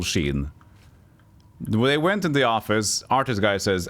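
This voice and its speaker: Lively joking male game streamer. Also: lowish voice, unhurried, pauses often, faint music behind. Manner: joking, rambling and profane. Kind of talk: casual gameplay commentary.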